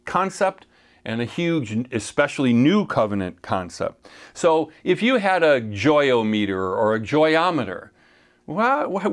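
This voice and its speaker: A male pastor preaching a sermon in a conversational way, with playful asides and frequent restarts. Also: mid-range voice.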